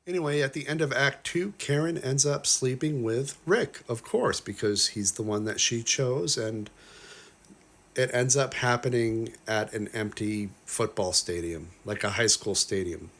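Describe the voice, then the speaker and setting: A man's voice: medium pitch, a bit bright. A man casually breaking down a film as a reviewer, chatty and full of "like", with exasperated, incredulous asides. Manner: chatty, lots of "like", quick asides. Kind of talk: casual movie breakdown commentary.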